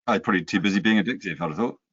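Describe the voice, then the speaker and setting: A man's voice: low-pitched, racing, fairly bright tone, no room sound, recorded from a distance, muffled recording. A man co-hosting, cutting in with dry, joking banter. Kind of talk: casual banter.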